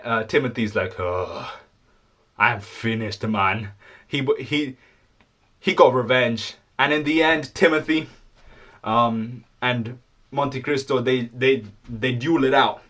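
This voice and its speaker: A young man rambles through a story retelling for his vlog, loose and slangy. He stumbles on ums and restarts as he goes. His voice sits at an average, unremarkable pitch. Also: slow pace, long pauses, fairly bright tone. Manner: puts on squeaky high voices for quoted characters. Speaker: vlogger.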